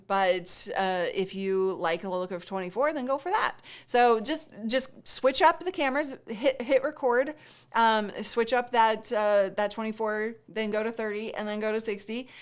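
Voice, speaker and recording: Heartfelt rambling woman streamer. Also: a little high. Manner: heartfelt and rambling, with many fillers and restarts; laughs often. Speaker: live stream host. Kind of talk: casual live stream Q&A.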